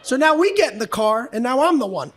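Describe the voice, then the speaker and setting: A man's voice: very high voice, sing-song, brisk, heavy background noise. Brash, profane male stand-up comic. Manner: brash and profane, jumps into voices. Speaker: stand-up comedian. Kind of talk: stand-up comedy routine. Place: comedy club stage with audience laughter.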